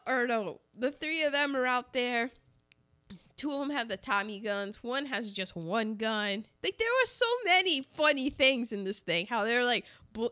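A woman chatting casually about a film, animated and often laughing as she retells favorite scenes, with many excited restarts. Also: high voice.

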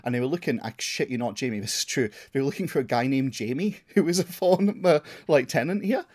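A man's voice: mid-range voice, lively intonation, a little fast, darkish tone. A man co-hosting a podcast, telling a story in casual chat, laughing and swearing as he goes. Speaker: podcast co-host.

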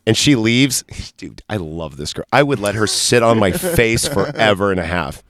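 A man's voice: on the low side, sing-song, normal speed, fairly bright tone. Rambling, foul-mouthed male podcast host. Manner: rambling, profane, loose storytelling. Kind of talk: casual movie review chat.

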